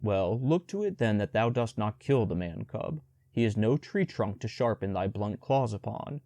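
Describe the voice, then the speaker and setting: A man's voice: fairly low pitch, animated, normal speed, mellow, no echo. Bagheera, a man doing a wry, proud black panther. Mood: mocking. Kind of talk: storybook audiobook reading.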